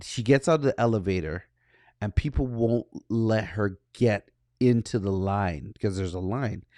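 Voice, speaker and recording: A man co-hosting a podcast, telling a personal story in a casual way and acting out the dialogue with animated energy. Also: lowish voice, moderate pace, no echo, clean studio sound. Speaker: podcast co-host.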